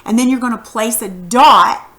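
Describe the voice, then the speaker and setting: Woman teacher, bright and a bit high, patient questioning lesson style. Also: moderate pace. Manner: patient, encouraging, asks questions. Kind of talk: recorded phonics lesson for students.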